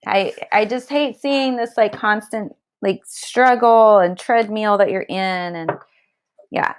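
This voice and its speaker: A woman reading tarot live, speaking straight at her viewers. She hands out tough love in a blunt, emphatic way, swears freely, and keeps asking "okay?" or "all right?" to make sure it lands. Her voice sits at an ordinary middle pitch. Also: slow, smooth. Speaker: tarot card reader.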